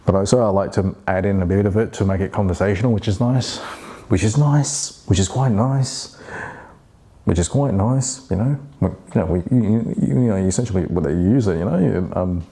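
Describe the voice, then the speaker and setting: Low, mellow-voiced man rambling. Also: moderate pace. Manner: rambling, many restarts and fillers. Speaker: vlogger. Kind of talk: casual monologue.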